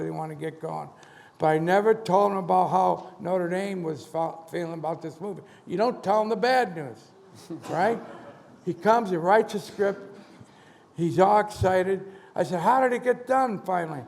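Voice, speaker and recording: On a conference hall stage, a motivational speaker in his 70s animatedly tells a story and performs the quoted dialogue. His voice is high and gravelly at a moderate pace, with large hall reverb in the recording.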